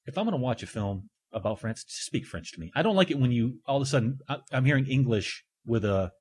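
A man's voice: mid-range voice, animated, fast, a little mellow, breathy edge. A man hosting a podcast, leading a casual, jokey film review chat. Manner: chatty, jokey, leads the discussion. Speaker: podcast host.

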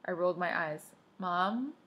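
A woman's voice: medium pitch, normal speed, a bit bright, slightly rough. A woman reading a first-person story aloud, dropping offhand asides of her own. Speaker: audiobook reader. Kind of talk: first-person audiobook narration.

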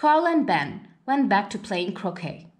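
A woman reading a children's picture book aloud in a slow, gentle read-aloud manner. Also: mid-range voice, sing-song. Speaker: storybook reader.

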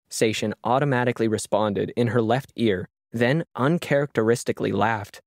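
A man reading a science fiction story as narrator, with a measured, even delivery. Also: lowish voice, no echo, studio quality.

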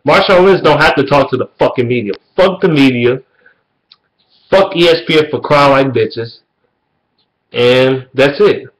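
A man vlogging a heated, profane sports rant, repeating himself and jumping up in pitch when he gets worked up. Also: rough recording. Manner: heated, profane, repetitive ranting; loud and animated.

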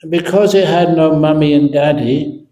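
A man's voice: on the high side, moderate pace, warm tone. A man, a Buddhist monk teacher, answering questions at an evening talk with humor and playful storytelling. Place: meditation centre hall. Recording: echoey hall.

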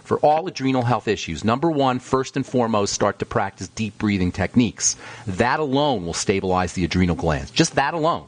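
A man's voice: lowish voice, animated, fairly quick. A man hosting a call-in health radio show as a pharmacist, lecturing callers in an emphatic, sometimes ranting way.

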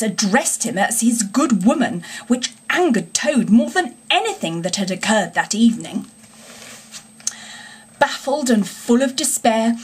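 A woman narrating a classic children's story in a fairly high, husky voice. She reads in an expressive, unhurried way. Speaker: audiobook reader.

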